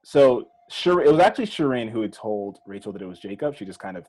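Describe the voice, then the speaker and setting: A man co-hosting a casual podcast, explaining in a measured way and often trailing off lower. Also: very animated, dark tone, rough recording. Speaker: podcast co-host. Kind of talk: casual recap chat.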